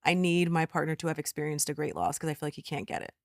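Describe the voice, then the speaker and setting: A woman in her thirties, a podcast guest, telling stories in an animated, affirming way. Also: low-pitched, quick pace, no echo, clean studio sound. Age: 30s. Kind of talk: casual chat.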